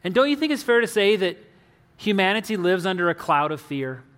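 A man preaching a sermon, earnest, slowing down and dropping his voice on key words. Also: big pitch swings, a bit bright, big-room sound. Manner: earnest, slows for emphasis and drops low on key words. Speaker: pastor.

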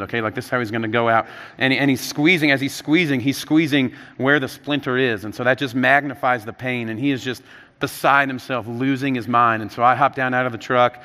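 Bright-voiced male preacher in a reverberant hall. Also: mid-range voice. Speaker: pastor. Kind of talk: sermon.

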